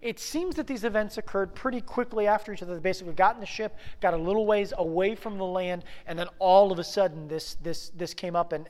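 A man in his thirties preaching a sermon as pastor, conversational, with many rhetorical questions to the congregation. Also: sits high.

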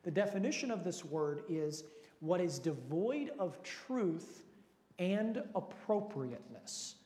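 A man's voice: high voice, expressive, slow, mellow. A man, a pastor, leading a Bible study with prayer, teaching and questions to the group in an earnest, lightly joking way. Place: large hall with long reverb. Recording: echoey reverberant hall.

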